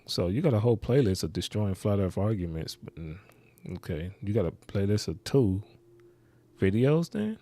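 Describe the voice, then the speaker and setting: A man's voice: on the low side, big pitch swings, moderate pace, dark tone. A man hosting a reaction video, rambling and skeptical, muttering asides as he comments.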